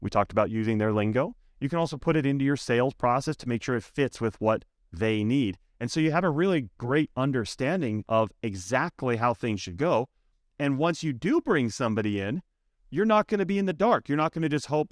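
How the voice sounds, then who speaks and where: A man who coaches software sales, speaking as a guest on a podcast interview with an emphatic, animated way of telling stories. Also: mid-range voice, a little fast, dry recording, studio quality.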